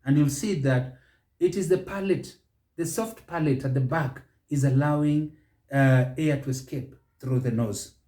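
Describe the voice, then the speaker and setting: A man's voice: on the high side, mellow. Man drilling pronunciation in an echoey room. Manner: slow, deliberate, repeats words for drilling. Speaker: pronunciation teacher. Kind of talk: instructional pronunciation lesson.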